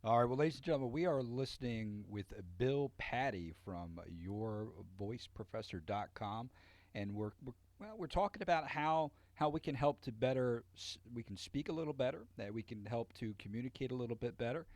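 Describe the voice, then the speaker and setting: A man's voice: mid-range voice, lively intonation, moderate pace, hardly any pauses, a little mellow, dry recording. A male radio talk show host who leads the conversation and reads out the show's phone number.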